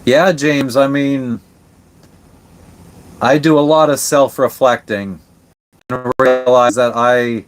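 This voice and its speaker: Casual male live-stream host on a boat; relaxed, rambling, salty language, mid-range voice. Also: mid-range voice, takes it slowly, long pauses. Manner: laid-back, swears casually, rambling with restarts. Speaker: livestream host answering chat. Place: on a sailboat.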